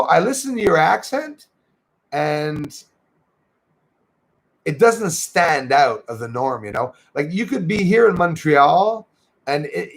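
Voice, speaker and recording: A man's voice: on the high side, vocal fry, fairly bright tone. A Canadian man hosting a casual livestream, chatting loosely and thanking viewers by name as he reads their comments. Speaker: livestream host.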